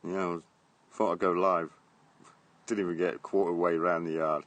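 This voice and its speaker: Middle-aged English bloke, low voice, live-streaming from the garden on his phone, rambling, blunt, laughs a lot. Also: level tone, moderate pace, a bit bright. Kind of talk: casual live-stream chat. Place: outdoors in a garden. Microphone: phone held at arm's length.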